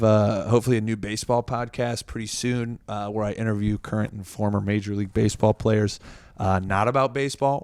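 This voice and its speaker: A young comedian in casual conversation with a fairly low voice. He rambles freely, filling his talk with "like" and "um". The recording is close and dry, with no room sound. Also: dry recording. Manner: rambling, heavy use of "like" and "um". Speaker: comedian and podcast guest. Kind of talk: casual interview chat.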